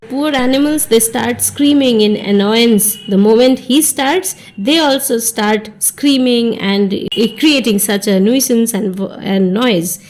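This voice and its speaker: Woman teacher explaining a poem. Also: a little high. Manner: reads poem lines then explains, restates in simple words. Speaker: English teacher.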